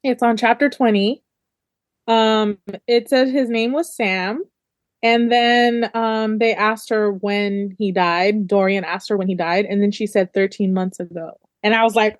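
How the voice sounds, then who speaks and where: Woman, mid-pitched voice, casual book discussion, thoughtful, says "like" often, dry sound. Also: fairly even intonation, unhurried, no echo. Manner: thoughtful, explains with many "like"s. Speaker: book club co-host.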